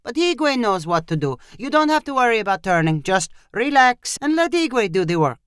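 Narrator playing patient cowboy man, soothing, raised pitch, dry sound, storybook. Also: sing-song, normal speed, a bit bright, smooth, no room sound. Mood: reassuring. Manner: reassuring, patient. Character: calm male cowboy, reassuring helper.

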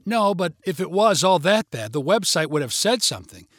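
A confident mother reassures her family on a mountain hike, brisk and matter-of-fact. A man reads her lines in a storybook. The voice is fairly high and dry. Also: sing-song, a bit bright, dry recording, full character voice. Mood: reassuring. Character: confident, encouraging hiking mother.

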